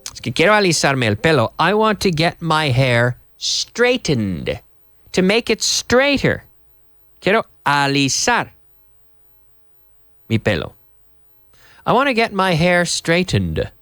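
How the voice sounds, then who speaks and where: A man's voice: a little high, huge pitch swings, takes it slowly, long pauses, a bit bright, dry recording, clean studio sound. A man from Canada teaching English vocabulary on a TV lesson, spelling words out and switching into Spanish.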